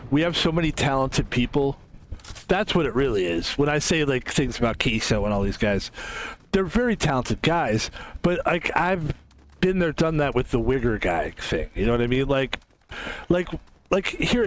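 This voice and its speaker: Brief: male game streamer, rambling and off the cuff, fairly high lively voice. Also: a little hiss or hum. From United States. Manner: rambling, self-interrupting, laughs often. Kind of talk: casual stream chat.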